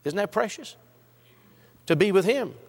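A man preaching a sermon, quoting scripture and last words, swelling to impassioned highs and dropping low. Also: expressive, measured pace, slightly rough, big-room sound.

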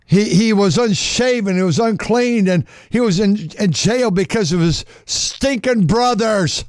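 A man's voice: high-pitched, unhurried, darkish tone, no room sound, studio quality. A male preacher giving a fervent sermon, reading scripture aloud and repeating words for emphasis.

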